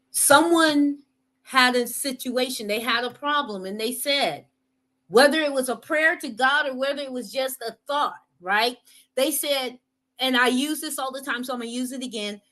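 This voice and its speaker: A woman's voice: sits high, measured pace, fairly bright tone, low-quality recording. A woman giving an earnest motivational talk, repeating her points and often checking in with "right?". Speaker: motivational speaker.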